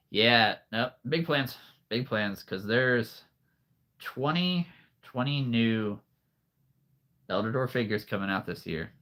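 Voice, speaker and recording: His voice sits on the low side with a bit of brightness. A figure collector hosting a relaxed livestream, he's slightly out of breath, rambling over viewer comments, chuckling a lot, and making playful jokes with words.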